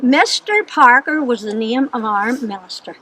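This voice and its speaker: High-voiced older Northern Irish woman. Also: expressive, unhurried, bright, forceful tone. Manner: chatty storyteller, laughs often. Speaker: storyteller to children. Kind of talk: recounting childhood memories. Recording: noisy background.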